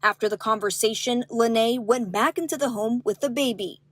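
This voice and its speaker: A woman reporting a news story in a crisp, even newsreader delivery. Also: a little high, moderate pace, no echo.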